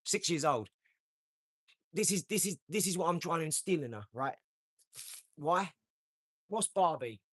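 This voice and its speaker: Man, forties, brash live-stream host, slangy, swearing, loud then mumbling, slightly raised pitch. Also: expressive, measured pace, long pauses. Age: 40s. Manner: brash, boastful, swings from shouting to mumbling. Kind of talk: casual live-stream talk.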